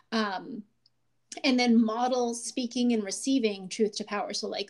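A woman podcast host in her thirties talking casually, animated and laughing often as she acts out quotes. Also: mid-range voice.

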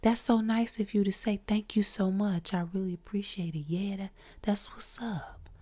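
Woman doing a soft breathy r&b guy voice, all hushed and smooth. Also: medium pitch, fairly even intonation, moderate pace, natural voice. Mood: grateful. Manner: breathy near-whisper, smooth and gentle. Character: soft-spoken male R&B singer, mellow and hushed.

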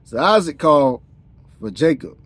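A man's voice: a little high, very animated, moderate pace, slightly rough. A man hosting a podcast, reading scripture aloud in a plain voice, tripping over words now and then and breaking off with casual slangy comments.

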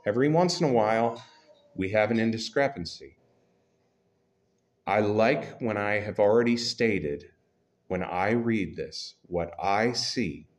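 A man with a fairly low voice, preaching to his congregation. He talks to them like a friend, asks them questions, and pokes fun at himself as he works through the passage. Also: unhurried. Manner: self-deprecating, conversational, humorous. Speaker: pastor. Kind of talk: sermon. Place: church.

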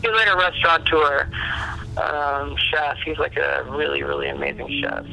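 A woman's voice: low-pitched, wildly swooping pitch, normal speed, vocal fry, pushed and bright, faint music behind, rough recording. A young adult woman comedian telling candid stories in a casual podcast chat, swearing freely. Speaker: comedian guest.

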